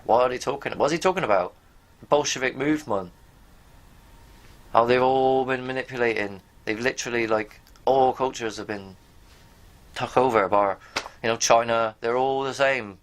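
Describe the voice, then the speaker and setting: A video host with a medium-pitched voice talks at normal speed. As he reads from pages on screen, he rambles bluntly to his viewers and occasionally swears.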